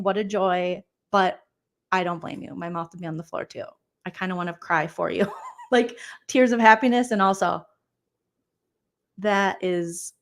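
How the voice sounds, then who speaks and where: Chatty woman hosting a live stream. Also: on the low side. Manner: chatty, reads viewer comments aloud with gasps and exclamations. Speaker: pop culture comedian host. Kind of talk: casual live stream chat.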